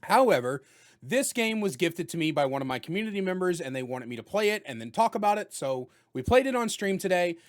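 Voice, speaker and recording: Guy reviewing a game, loud and jokey, kinda high voice that swings all over. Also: a little fast. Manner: loud, animated and joking. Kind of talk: casual spoken game review.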